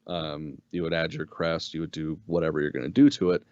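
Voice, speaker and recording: A man co-hosting a casual review show, talking in an animated way, swearing freely and acting out lines from scenes. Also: rumbling low, a little fast, no room sound, highs cut off. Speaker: podcast co-host.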